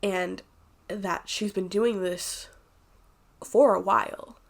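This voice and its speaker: A woman's voice: mid-range voice, fairly even intonation, slow, creaky. A congested, sniffly woman giving a chatty, rambling and candid casual book review.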